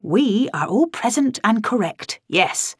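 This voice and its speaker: A woman's voice: on the high side, big pitch swings, slow pace, husky, no echo, clean studio sound, pitched above the performer's own voice, full character voice. A woman reading aloud, voicing a stern, formal older man who speaks in a clipped, disapproving way.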